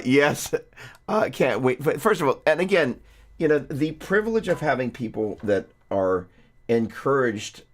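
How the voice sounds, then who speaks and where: A man with a fairly low voice talks through guitar theory on a live stream. He rambles in a friendly, chatty way, restarting sentences and breaking off to greet viewers. A guitar is heard behind him. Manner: rambling, self-interrupting, chatty.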